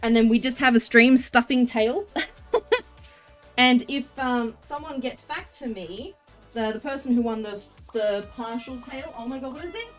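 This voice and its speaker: A woman livestreaming as she crafts, chatting casually and greeting viewers with excitement. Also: on the high side, normal speed, faint music behind. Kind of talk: casual live-stream chat while crafting.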